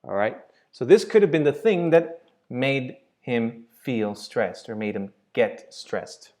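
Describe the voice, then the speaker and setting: A man's voice: mid-range voice, sing-song, slow, darkish tone. Patient man teaching English grammar. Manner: patient, repeats points with "right?" and "okay?". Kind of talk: explaining grammar to learners.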